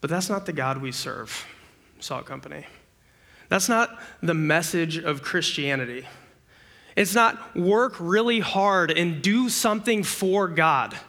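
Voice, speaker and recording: A young man delivers a sermon in a casual, conversational way, checking in with his listeners through quick rhetorical questions. His voice is bright and forceful, sitting a little high, and it lifts into animated bursts when he acts out everyday scenes. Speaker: campus ministry preacher.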